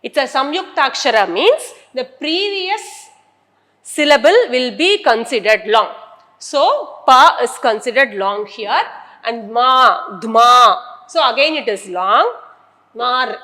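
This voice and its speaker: A woman's voice: high voice, sing-song, a little slow, a bit bright, in a large hall. A woman teacher, lecturing a class and explaining step by step while she repeats key terms.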